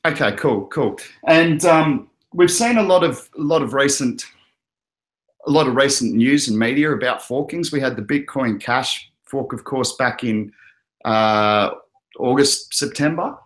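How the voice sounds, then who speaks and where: A man's voice: mid-range voice, unhurried. An Australian man hosting an online show in easygoing, rambling casual chat, with frequent fillers and restarts. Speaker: host.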